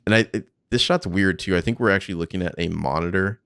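Casting note: man with a very low, gravelly voice, loose chatty commentary, dry close sound. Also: fast, fairly bright tone, dry recording. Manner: casual, swears freely, thinks aloud. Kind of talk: casual commentary on behind-the-scenes footage.

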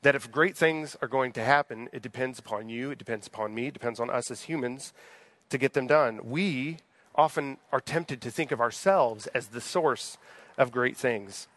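Conversational pastor preaching, dry sound. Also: male voice, medium pitch, moderate pace, fairly bright tone, no room sound. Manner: conversational, asks the congregation questions. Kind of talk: sermon. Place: church sanctuary.

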